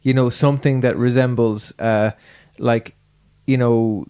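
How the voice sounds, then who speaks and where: A man's voice: medium pitch, steady tone, unhurried, dark tone, smooth. Rambling male podcast host, casual chat. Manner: rambling, many fillers and restarts.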